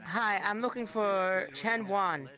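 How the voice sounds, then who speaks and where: A man's voice: high-pitched, slow pace, pushed and bright, full character voice. A man voicing both sides of a flustered phone call, with a man insisting again and again that he is the wrong person. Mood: insistent. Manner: repetitive, back-and-forth acted dialogue.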